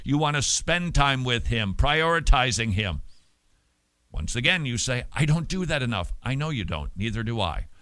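A man hosting a radio show, preaching with emphatic stresses and sudden loud words. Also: mid-range voice, expressive, moderate pace, no echo. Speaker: radio host.

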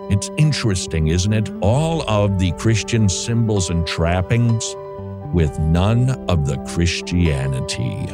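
A man's voice: low-pitched, expressive, a little slow, music in the background. A man giving emphatic, scornful religious commentary, often repeating his words for stress.

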